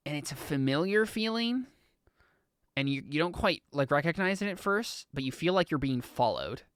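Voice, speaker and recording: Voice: mid-range voice, lively intonation, moderate pace, smooth, dry recording. Game master for a tabletop game, casual and hesitant, mid-range voice, dry close sound. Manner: casual, hesitant, lots of fillers.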